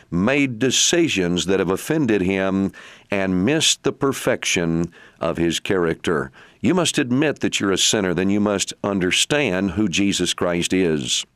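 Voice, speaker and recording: A male preacher giving a calm, measured closing message on the radio, quoting scripture. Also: low-pitched, no room sound.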